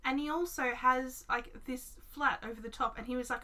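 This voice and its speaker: High-voiced chatty woman podcaster. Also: fairly even intonation, moderate pace, background noise. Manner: chatty, questioning, trails off and restarts. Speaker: podcast co-host. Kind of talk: casual chat.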